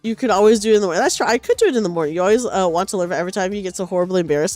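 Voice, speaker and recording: A sleepy woman streamer talking casually from her couch. Her pitch bounces around a lot even when she is tired, and she rambles and restarts her sentences. The sound is dry and close, with faint music playing underneath. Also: rapid-fire, hardly any pauses, no echo. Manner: rambling, self-correcting, chatty. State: sleepy, low energy. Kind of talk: casual chat while knitting. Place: at home on a couch.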